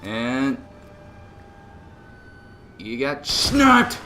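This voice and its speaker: A man's voice: medium pitch, wildly swooping pitch, drawn-out words, sharp tone, slight background noise. A man with a Boston accent giving laid-back, self-mocking commentary while playing a video game. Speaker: let's play gamer. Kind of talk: casual gameplay commentary.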